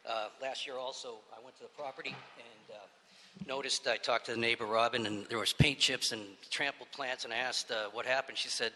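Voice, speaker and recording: Annoyed neighbor guy at the podium, bright sharp voice, echoey hall, faint room hum. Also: mid-range voice, steady tone, fairly quick. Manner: indignant, conversational, retells dialogue. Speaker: neighboring resident. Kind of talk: public comment. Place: council chamber.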